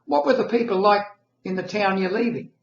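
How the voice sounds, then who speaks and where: Man playing a dry calm old-timer, over 60, gravelly voice in an echoey room. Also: high voice, fairly quick, muffled recording, a little hiss or hum, voice pushed up.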